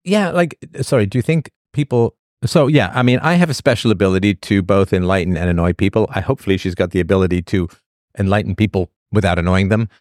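A man with a low, deep voice hosts a casual livestream monologue, drifting from thought to thought with a sardonic edge. He restarts his sentences often, and the sound is close and dry, with no room around it. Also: fast, a little mellow, no room sound. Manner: rambling, sardonic, with frequent restarts. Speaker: livestream host.

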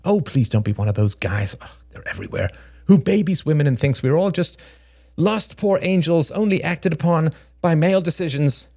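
A man voicing a sharp, frank young woman in an audiobook, talking quickly with wry bluntness. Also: on the high side, lively intonation, vocal fry, no echo, studio quality, voice pushed up. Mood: lecturing. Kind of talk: audiobook character voice.

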